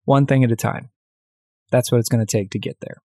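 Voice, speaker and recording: A man hosting his own coaching podcast, telling a story in a direct, energetic, conversational way. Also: medium pitch, fairly quick, no room sound, studio quality.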